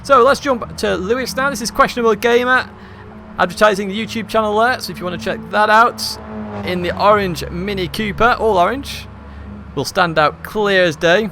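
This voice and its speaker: A slightly hoarse man, hosting a live esports race stream from a hot room at home and commentating in a chatty, upbeat, rambling way. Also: high-pitched, normal speed, bright, forceful tone, a little hiss or hum.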